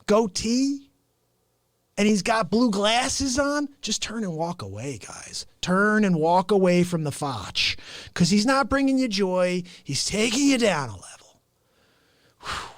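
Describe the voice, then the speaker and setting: A man hosting his show with an improvised, rambling comic rant, mock-indignant and animated. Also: high voice, unhurried, no echo, clean studio sound. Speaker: host.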